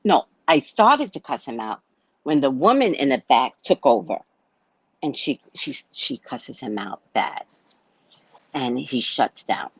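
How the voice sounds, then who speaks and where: A woman's voice: a bass voice, sing-song, unhurried, slightly rough, no room sound, dull audio. A woman telling a personal story in a casual monologue, blunt and swearing freely as she acts out a heated argument. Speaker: psychic reader sharing a personal story.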